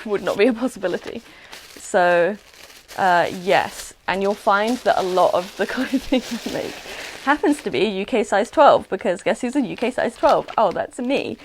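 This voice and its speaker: A young woman with an English accent talks casually into a new desk mic at home. She rambles, pokes fun at herself and fills her pauses with ums and likes, like someone chatting while her hands are busy. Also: mid-range voice, animated, slight background noise, rough recording. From England. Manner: chatty and rambling, self-deprecating, frequent fillers. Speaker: small clothing business owner. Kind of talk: casual chat while packing orders. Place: at home, sitting on a squeaky chair.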